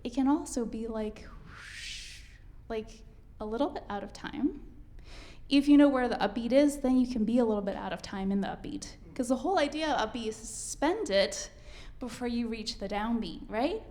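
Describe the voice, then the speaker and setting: A woman's voice: a little high, a little fast, dark tone. A woman teaching a piano masterclass, coaching a student and singing rhythms aloud as she counts.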